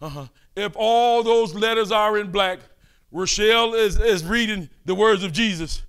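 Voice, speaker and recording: An older man preaching a fervent sermon, calling out and pleading with his listeners between quieter asides. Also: high voice, a little slow, smooth.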